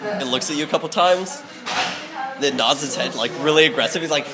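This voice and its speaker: A man's voice: fairly high pitch, a little fast, over a noisy crowd. A man narrating as game master in a loose, casual way, laughing often.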